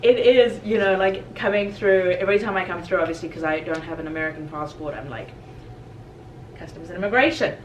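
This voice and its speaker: An expressive woman from South Africa talks casually about her own experiences. She is recorded in a hotel lobby, with an echo that makes her sound roomy and a bit far from the mic. Faint noise hums behind her. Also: on the low side, a little fast. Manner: expressive, laughs while telling stories. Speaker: discussion guest. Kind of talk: casual chat.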